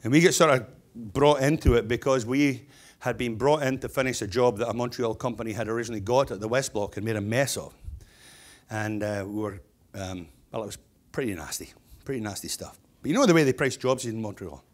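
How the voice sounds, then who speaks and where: A middle-aged man giving a keynote, spinning funny anecdotes in a loose, chatty way. He circles back and restarts as he talks, and his voice sits at an ordinary middle pitch. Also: a little fast. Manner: humorous storyteller, chatty with restarts. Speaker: keynote speaker, stonemason business owner.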